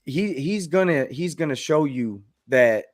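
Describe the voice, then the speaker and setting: A man's voice: a little high, animated, unhurried, no echo, clean studio sound. A man co-hosting a sports podcast, talking emphatically and repeating points for effect. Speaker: podcast co-host. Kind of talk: casual sports chat.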